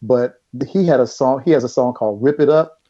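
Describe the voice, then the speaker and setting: A man's voice: mid-range voice, fairly quick, lo-fi sound. Laughing middle-aged man telling stories. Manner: animated, laughing storyteller. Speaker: guest. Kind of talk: storytelling in casual chat.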